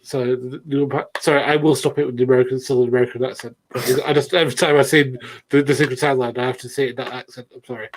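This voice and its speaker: A man's voice: mid-range voice, fairly even intonation, fast, rough recording. A man with a mid-range voice hosts a casual talk among friends. He trips over his words and restarts sentences as he explains his ideas. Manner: stumbling, restarts often. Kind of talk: casual chat.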